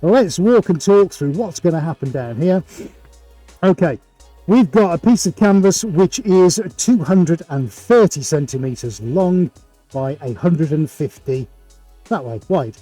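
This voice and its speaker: A man's voice: fairly high pitch, expressive, unhurried, warm tone, dry recording, soft background music. A middle-aged man hosting a live painting stream, chatty, jokey and full of showman energy, in his art studio. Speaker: art livestream host. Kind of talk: upbeat live presenting. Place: home art studio with several cameras.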